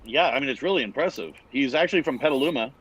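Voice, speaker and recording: A man's voice: medium pitch, lively intonation, fast talker, a bit bright, breathy edge, poor audio. A man from the Bay Area co-hosting a podcast, talking casually with many fillers. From San Francisco Bay Area. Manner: rambling, hesitant, many fillers. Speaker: podcast co-host. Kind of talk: casual chat.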